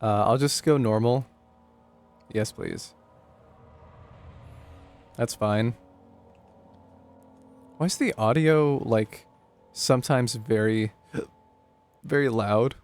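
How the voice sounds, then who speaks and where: A man's voice: medium pitch, slow pace, long pauses, a little mellow. A young man casually commenting on a horror game as he streams it live, joking and thinking aloud. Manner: chatty, jokey, thinking aloud.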